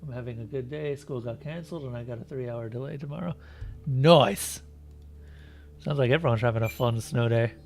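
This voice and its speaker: A man's voice: mid-range voice, brisk, gravelly, darkish tone, soft background music. A man streaming a role-playing game, chatting casually with his viewers as he plays. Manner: chatty, talks to chat while playing. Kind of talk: casual gameplay commentary.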